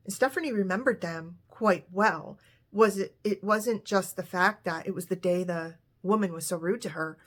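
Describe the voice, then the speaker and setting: Woman, storyteller, casual retelling with light character voices. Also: medium pitch.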